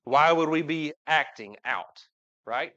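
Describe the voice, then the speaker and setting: A man's voice: on the high side, slow, pushed and bright, highs cut off. A man giving a casual, folksy sermon in a church, often asking the congregation questions. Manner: folksy, talks with the congregation, asks them questions. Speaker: preacher. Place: church sanctuary.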